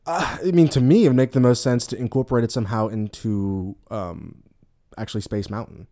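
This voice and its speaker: A man's voice: mid-range voice, brisk, dark tone. A man hosting a casual podcast, rambling with lots of fillers and restarts. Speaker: podcast host. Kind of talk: casual chat.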